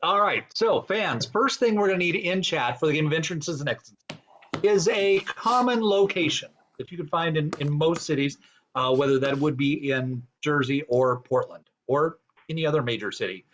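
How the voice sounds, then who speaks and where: A man's voice: on the high side, animated, normal speed, a bit bright, slight background noise. A man hosting an online improv game show over a video call, teasing and hesitant with many ums.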